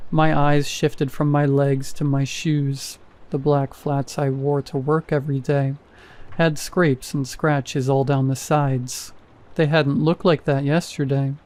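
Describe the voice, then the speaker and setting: Mellow, slightly high male storyteller. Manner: even, measured first-person storytelling. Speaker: horror story narrator. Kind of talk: scripted horror narration.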